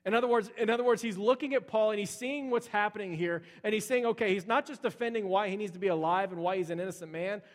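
A man's voice: high-pitched, steady tone, quick pace, few pauses. A man preaching a sermon in a conversational way, explaining scripture with frequent fillers like "uh" and "okay". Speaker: pastor.

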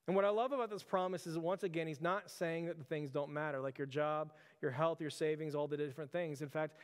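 A man in his thirties preaching a conversational sermon, earnest and informal, often calling his listeners "church". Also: a little high. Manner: earnest, repeatedly addresses listeners as "church", filler "like". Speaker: pastor. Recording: long hall reverb.

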